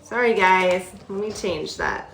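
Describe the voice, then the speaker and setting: A woman's voice: medium pitch, measured pace, a bit bright, echoey room. A woman hosting a casual live stream on her phone, chatty and easygoing, laughing now and then as she talks to a pet bird. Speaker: host of a parrot shop's live stream.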